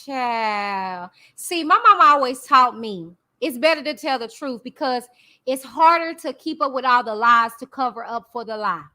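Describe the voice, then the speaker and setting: High bright-voiced woman vlogger. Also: expressive, normal speed. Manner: chatty, addresses viewers directly, slangy asides. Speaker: YouTube commentary host. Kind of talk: casual commentary reading a court document aloud.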